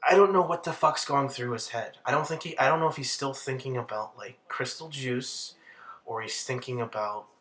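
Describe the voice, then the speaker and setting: Bright-voiced young man ranting casually. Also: mid-range voice, moderate pace. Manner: crude, heavy swearing, rambling. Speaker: commentary channel host. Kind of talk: casual video commentary.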